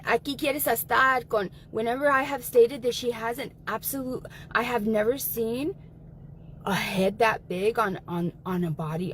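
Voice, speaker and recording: Woman, livestream guest, heated and profane, higher-pitched, some faint noise behind. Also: rough recording. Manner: angry, profane, emphatic.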